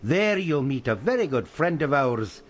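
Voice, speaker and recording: An actor playing a cryptic, measured man guiding the hero, in video game dialogue. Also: medium pitch, very animated, slight background noise, lightly acted.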